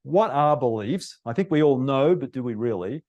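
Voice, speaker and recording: A man's voice: medium pitch, animated, normal speed, dull audio. Polite man moderating a panel. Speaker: host, real estate agent.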